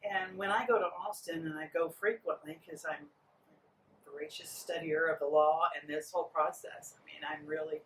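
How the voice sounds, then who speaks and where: A woman's voice: sits low, normal speed, echoey room. A middle-aged woman running for office, speaking earnestly and pleading with listeners in an interview. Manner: earnest, pleading, quotes people in lively voices. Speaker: political candidate. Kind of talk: campaign interview. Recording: distant mic with faint noise.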